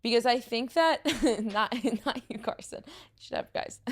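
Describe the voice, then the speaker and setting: A young woman with a New York accent hosts a casual podcast, her voice fairly high and her pace measured. She sounds tired, rambles, and laughs often.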